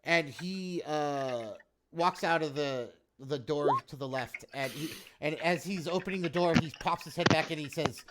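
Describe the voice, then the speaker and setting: A man's voice: a little high, normal speed, heavy background noise. A young man narrating as game master, casual and hesitant with many fillers.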